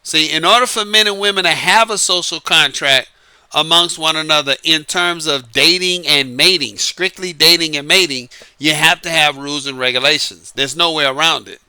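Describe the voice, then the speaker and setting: A man's voice: fairly high pitch, moderate pace, bright, forceful tone, clear, resonant tone, no room sound. A man from New Orleans with a light Southern accent, talking through dating advice in a casual, emphatic monologue, repeating his points and chuckling between them. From New Orleans, Louisiana.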